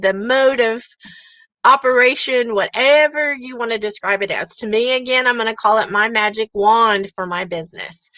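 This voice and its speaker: Bright-voiced, emphatic middle-aged woman. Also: fairly high pitch, dry recording, low-quality recording. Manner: emphatic, earnest, repeats for emphasis. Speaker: summit speaker. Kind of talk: passionate personal storytelling talk. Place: outdoor porch at a campground.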